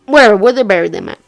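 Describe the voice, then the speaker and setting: A young woman telling a story casually, swearing and slangy, jumping from loud outbursts to hushed murmurs. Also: mid-range voice, gravelly. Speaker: vlogger.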